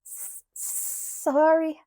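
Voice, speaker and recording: A woman's voice: racing, bright, forceful tone, no room sound, clean studio sound. A woman voicing a freezing teenage girl who stutters through chattering teeth in an audiobook. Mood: shivering, pleading.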